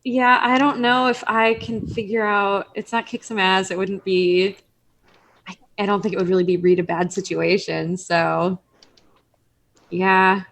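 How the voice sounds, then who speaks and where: A woman's voice: medium pitch, level tone, unhurried, fairly bright tone. A young woman playing a tabletop game over a video call, chatting casually and laughing through her sentences. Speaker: player.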